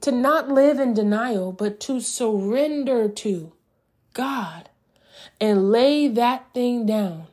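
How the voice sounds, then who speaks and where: A woman's voice: on the high side, slow pace, a little mellow. Fervent woman preaching on a podcast. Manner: preaching, fervent, addresses listeners as y'all. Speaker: podcast host. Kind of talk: faith-based podcast monologue.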